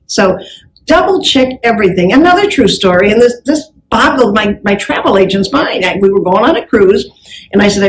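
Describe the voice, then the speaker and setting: A woman's voice: mid-range voice, moderate pace, low-quality recording. A woman giving a live motivational business talk on stage, telling anecdotes and acting out the dialogue. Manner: lively storyteller who acts out dialogue. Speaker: business speaker.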